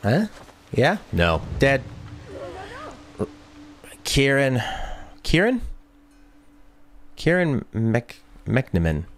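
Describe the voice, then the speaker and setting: A man's voice: mid-range voice, wildly swooping pitch, drawn-out words, long pauses. A man streaming a video game, chatting casually, reading viewer comments and joking. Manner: playful, reads chat aloud and jokes. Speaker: let's play streamer.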